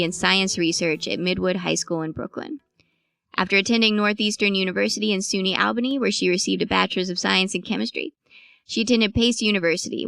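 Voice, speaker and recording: A woman hosting a podcast, reading a guest bio and announcements in a brisk, upbeat way. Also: medium pitch, vocal fry, fairly bright tone, clear, resonant tone, no echo, clean studio sound. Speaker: podcast host. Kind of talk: scripted announcements and guest outro.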